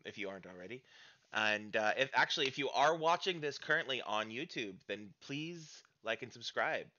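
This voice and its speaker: A man's voice: on the low side, sharp tone, lo-fi sound. An American man in a casual stream outro chat, rambling and hesitant with many fillers.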